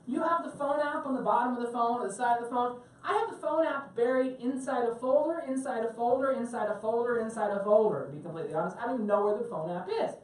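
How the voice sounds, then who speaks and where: A woman teaching a tech class to a live audience on a cruise ship, chatty and joking and asking the room questions. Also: a little high. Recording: very echoey room, mic at a distance.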